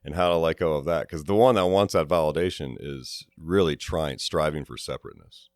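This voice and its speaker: A man's voice: very deep voice, fairly quick, no echo, studio quality. A man on a recovery podcast, talking reflectively and challenging listeners with rhetorical questions. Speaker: podcast co-host.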